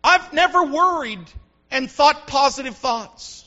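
A man preaching a sermon as a pastor, building to shouts and calling out to the congregation. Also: very high-pitched, lively intonation, takes it slowly. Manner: preaching with rising shouts and call-and-response. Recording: dull lo-fi recording.

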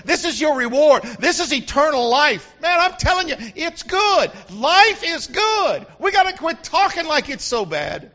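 High-voiced preacher, bright and forceful. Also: male voice. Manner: preaching with rising shouts and call-and-response. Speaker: pastor. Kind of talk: sermon. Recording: dull lo-fi recording.

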